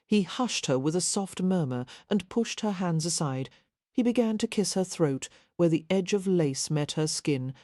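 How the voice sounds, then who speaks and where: A woman's low, mellow voice carries the scripted narration of a historical romance audiobook, soft and measured in delivery. The recording is dry and close-miked.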